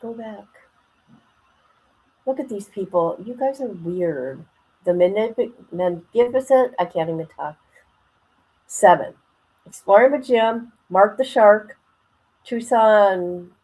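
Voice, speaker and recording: A woman's voice: medium pitch, slow, darkish tone, low-quality recording. A woman hosting a casual livestream, chatting colloquially, reading viewer comments aloud and laughing often. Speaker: livestream host.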